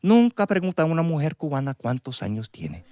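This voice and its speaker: A man's voice: a little high, very animated, quick pace, warm tone, no room sound, studio quality. A man voicing a teasing older Cuban grandmother who slips between Spanish and English in live storytelling.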